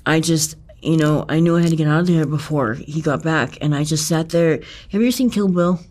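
A man recounting a personal ordeal in conversation, talking in an intense, profane and halting way, with many restarts and emphatic repetitions. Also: a little high, darkish tone. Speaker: interviewee.

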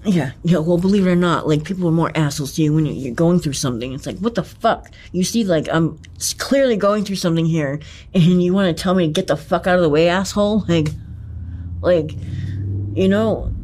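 A man's voice: fairly high pitch, darkish tone. Cursing man telling a harrowing story. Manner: profane, halting, with frequent restarts and fillers; intense, emphatic repetition. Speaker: interviewee. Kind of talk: recounting a personal ordeal in conversation.

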